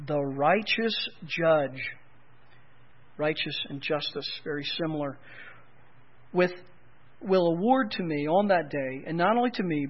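Animated high-voiced male preacher, lo-fi. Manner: animated preaching, rising to emphatic peaks then dropping low; folksy asides and humor. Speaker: pastor. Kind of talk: sermon.

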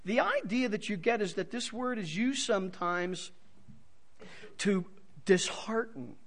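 Animated preacher man, lively pitch. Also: unhurried. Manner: animated, swings from soft to loud for emphasis. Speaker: pastor. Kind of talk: expository sermon.

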